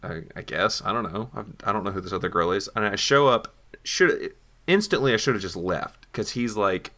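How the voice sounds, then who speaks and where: Young male co-host, low gravelly voice with a bright edge, lively storyteller. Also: normal speed. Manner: animated storyteller acting out quoted lines. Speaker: podcast co-host. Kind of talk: casual chat.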